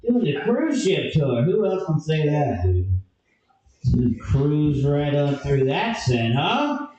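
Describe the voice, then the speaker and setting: A man hosting a comedy show, loud and swearing as he teases the crowd. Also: fairly high pitch, sing-song, slow pace, dull audio. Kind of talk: stand-up emcee banter. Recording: echoey room from far off, with a crowd.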